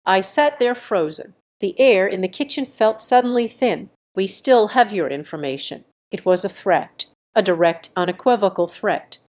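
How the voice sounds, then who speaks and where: A young adult woman giving a scripted first-person story narration in measured, steady, clipped sentences. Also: medium pitch.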